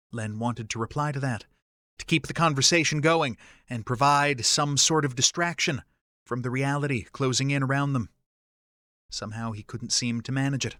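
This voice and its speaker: A man narrates a fantasy audiobook in a steady, even manner. His voice sits at a middle pitch, recorded close and dry with no room sound. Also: moderate pace, no room sound. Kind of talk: scripted narration.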